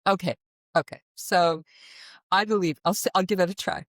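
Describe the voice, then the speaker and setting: A woman from the American Midwest with a naturally deep voice, an interview guest telling her story expressively and animatedly. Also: moderate pace, no echo, clean studio sound. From middle of the United States. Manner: expressive, animated storytelling with sudden vocal demonstrations. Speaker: guest, voice teacher. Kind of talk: conversational interview.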